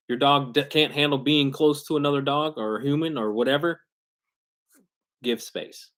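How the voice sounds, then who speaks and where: A man's voice: mid-range voice, normal speed, a bit bright. A man who trains dogs, talking loosely and casually in a live question-and-answer stream, full of slang and restarts. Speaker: dog trainer hosting a live Q&A. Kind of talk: casual livestream talk. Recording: glitchy internet livestream.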